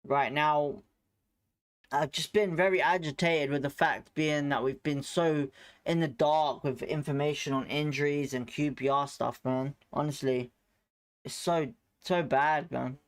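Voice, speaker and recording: Excitable man hosting a football watchalong. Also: on the high side, a little slow. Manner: excitable play-by-play, greeting chat viewers. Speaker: watchalong host. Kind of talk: live football watchalong commentary.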